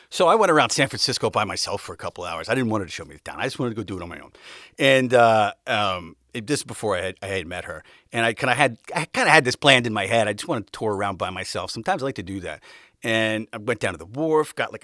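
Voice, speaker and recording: A man's voice: mid-range voice, fairly bright tone, dry recording, studio quality. A man hosting a podcast, telling a rambling, candid personal story in a casual way and laughing often as he goes. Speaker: podcast host.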